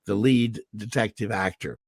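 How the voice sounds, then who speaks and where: An older man, a veteran voice actor, telling stories in an interview with lively delivery and a throat he keeps clearing. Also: fairly low pitch, moderate pace, dry recording, studio quality. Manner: animated anecdotal delivery with restarts. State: throat irritated, clearing it often. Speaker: voice actor guest. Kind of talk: interview storytelling. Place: home in California.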